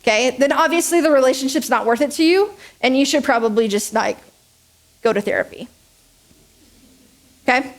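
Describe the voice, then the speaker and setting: A woman's voice: high voice, animated, moderate pace, long pauses. A young adult woman preaching a conversational sermon, joking at her own expense and checking in with "okay?" and "right?". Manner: chatty, joking, self-deprecating, asks "okay?" and "right?" often. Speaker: speaker at a church service.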